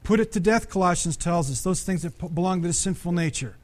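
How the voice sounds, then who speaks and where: Man, middle-aged, sermon, fairly high voice, animated, conversational, repeats and restarts words. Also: fast talker. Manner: animated, conversational preaching with sudden loud peaks. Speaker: pastor.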